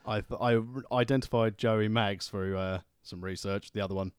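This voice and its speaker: A man's voice: lowish voice, steady tone, moderate pace, clear, resonant tone, dry recording. A man co-hosting a podcast, making dry jokes. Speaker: podcast co-host. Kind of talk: casual chat.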